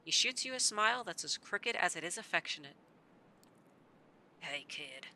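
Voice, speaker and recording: A woman's voice: medium pitch, fast, a little hiss or hum, poor audio. A woman streamer reading a story game aloud and joking between passages. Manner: animated, joking commentary between read narration. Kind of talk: reading narration and chatting.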